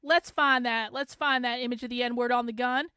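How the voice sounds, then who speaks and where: A woman's voice: a little high, steady tone, normal speed, pushed and bright, clear, resonant tone, no room sound, studio quality. A woman hosting a livestream, talking sarcastically and profanely to her chat. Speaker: host. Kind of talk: livestream commentary.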